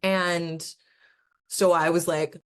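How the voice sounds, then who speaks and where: A young woman with a low voice talks through her own experiences in a casual podcast chat. She sounds earnest and chatty, laughs easily, and often breaks off to restart a sentence. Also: flat delivery, takes it slowly. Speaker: podcast host. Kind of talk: casual personal storytelling.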